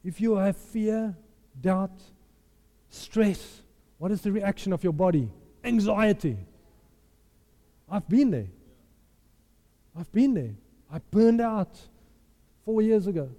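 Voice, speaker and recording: A man's voice: sits high, animated, slow, pauses often, warm tone. A man preaching a sermon, emphatic and impassioned, repeating his phrases for effect. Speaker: pastor. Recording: long hall reverb.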